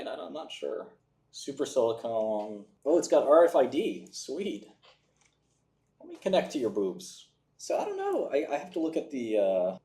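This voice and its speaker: A young man in casual livestream stock commentary, offhand and sardonic, with deadpan asides. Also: on the low side, breathy edge. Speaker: stock-review streamer.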